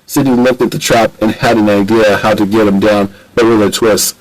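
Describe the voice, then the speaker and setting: A man narrating an amateur audiobook in a plain, steady reading voice. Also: lowish voice, fairly quick, poor audio.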